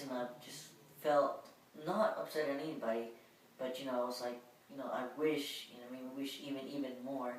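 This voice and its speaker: A woman's voice: very deep voice, far from the mic. A woman vlogger telling a personal story in a casual, rambling way, full of filler words. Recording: very echoey room, voice away from mic, faint hum.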